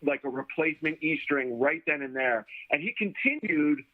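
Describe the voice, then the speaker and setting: A man with a fairly high voice recounts a story as a guest and playfully acts out the people in it. His voice comes through a narrow, tinny remote line, like a phone call. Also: animated, normal speed. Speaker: guest musician. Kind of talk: casual storytelling interview.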